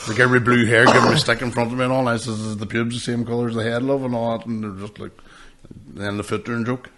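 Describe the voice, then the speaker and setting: A man's voice: mid-range voice, level tone, fast talker, a bit bright. A man, a comedian hosting a podcast, telling sweary stories in casual chat and laughing often.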